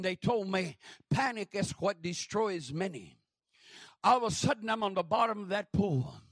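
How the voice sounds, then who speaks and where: An older male pastor from New Mexico preaches with shouted emphasis and repeated amens. His voice sits very high for a man and has a gravelly rasp. It sounds close and dry. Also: no room sound. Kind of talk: sermon.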